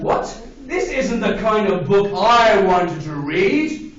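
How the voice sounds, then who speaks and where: A woman's voice: mid-range voice, big pitch swings, slow pace. A woman reading a book aloud to a group of children at a library, playful and full of mock dismay. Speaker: children's storyteller. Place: public library, large echoey room. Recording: echoey, distant, dull, noisy library recording. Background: children's voices and laughter.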